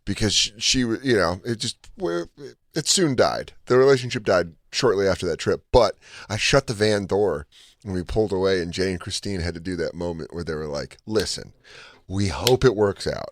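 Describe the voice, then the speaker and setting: This man co-hosts a podcast, spinning a meandering story in relaxed conversation and laughing a lot. His voice sits low and moves a little quickly, captured in a dry, clean studio recording.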